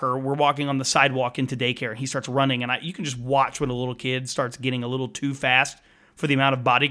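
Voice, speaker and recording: A man in his thirties reflects on parenting in a relaxed podcast chat. He thinks out loud, circles back and restarts his sentences. His voice sits in an ordinary middle range. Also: mid-range voice. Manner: thoughtful, rambling with restarts. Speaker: podcast co-host, father.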